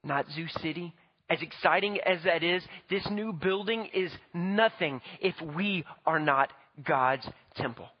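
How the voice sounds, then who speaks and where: A man preaching in a church with a high, slightly husky voice. He speaks emphatically but conversationally to his congregation. The sermon recording sounds dull and lo-fi. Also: measured pace. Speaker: pastor.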